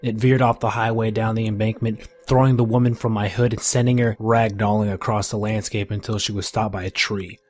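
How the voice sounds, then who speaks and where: A man reading a first-person horror story in a measured, grim storytelling manner. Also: fairly low pitch, flat delivery, a little mellow. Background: faint music.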